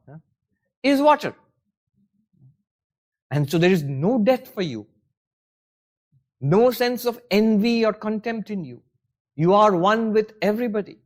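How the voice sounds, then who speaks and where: A spiritual teacher, a man, explains scripture in an easygoing lecture. His voice sits fairly high, and he talks with wry self-mockery and a stream of rhetorical questions.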